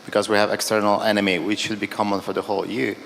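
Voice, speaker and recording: A man from Poland in the audience asks a panel a question in a conference hall, searching for his words and listing points one after another. His voice is fairly low, gravelly and fairly bright, with a level tone and rapid-fire delivery. The hall is echoey with faint background noise.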